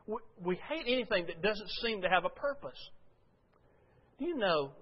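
An older man preaching a sermon as pastor, telling folksy stories and swinging from loud to quiet. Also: high-pitched, lively intonation, moderate pace, slight background noise. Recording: dull lo-fi sound.

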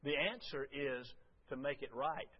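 A man's voice: mid-range voice, measured pace, breathy edge. Folksy preacher man, muffled recording. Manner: folksy storytelling preacher, shifting from loud to hushed. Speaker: pastor. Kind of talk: sermon.

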